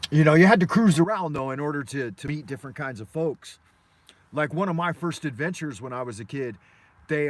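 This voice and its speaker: An American man from Los Angeles hosting a live morning show from his car, telling stories in a loose, profane, meandering way. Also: on the high side. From Los Angeles, USA. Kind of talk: rambling live-stream storytelling.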